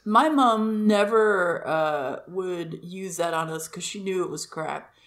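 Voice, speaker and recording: A woman's voice: on the low side, takes it slowly. A woman co-hosting a podcast, telling a story in a loose, chatty way full of "like" fillers. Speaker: podcast co-host. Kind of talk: casual chat.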